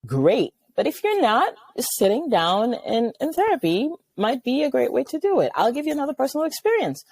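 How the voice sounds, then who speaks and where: A middle-aged woman from Nigeria, a psychiatrist speaking as a guest in an interview, telling personal stories in a lively way and acting out the voices she quotes. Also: high-pitched, a little fast. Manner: animated, storytelling, acts out quoted voices. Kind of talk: conversational interview.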